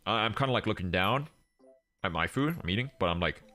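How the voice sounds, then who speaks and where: Over faint background music, a young man hosting a stream chats casually, spinning a rambling story with restarts and acted-out quotes. He speaks fast in a deep voice with lively intonation and a sharp tone.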